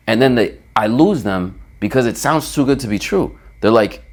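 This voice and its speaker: A man's voice: fairly low pitch, a little fast, few pauses. A man giving a motivational fitness vlog, emphatic and stretching out key words, often checking in with "right?". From United States. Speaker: fitness vlogger. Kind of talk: motivational talking-head vlog.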